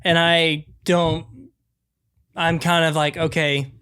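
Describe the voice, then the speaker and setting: A man's voice: on the high side, normal speed, fairly bright tone. A man co-hosting a podcast, talking casually about a film and rambling through scenes with many restarts. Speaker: podcast co-host. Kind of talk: casual film review chat.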